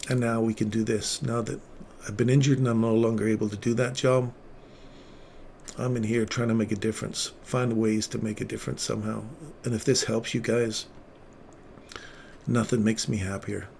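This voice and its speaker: A man hosting a casual livestream, once a paramedic, talking with earnest feeling and sometimes dropping his voice very low. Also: flat delivery, moderate pace, creaky, a little mellow, a little hiss or hum. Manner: earnest, emotional storytelling, drops to near-whisper at tender moments. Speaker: livestream trading host, former paramedic.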